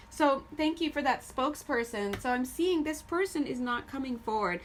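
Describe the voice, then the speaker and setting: A woman giving a casual tarot reading to her viewers. She is chatty and animated, often laughing as she goes. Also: sits high, normal speed, few pauses, a little hiss or hum. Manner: addresses viewers directly. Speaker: tarot reader.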